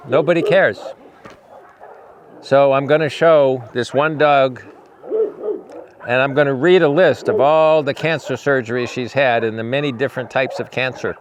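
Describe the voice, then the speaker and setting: A man who rescues animals, hosting a casual vlog outdoors at his sanctuary, talking to the camera and cooing soft, repetitive praise to his dogs. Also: mid-range voice, steady tone, normal speed, noisy background. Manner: coos softly to dogs, repeating praise, dropping to near-murmurs; rambling, repeats himself when talking to the audience. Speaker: animal rescuer and show host.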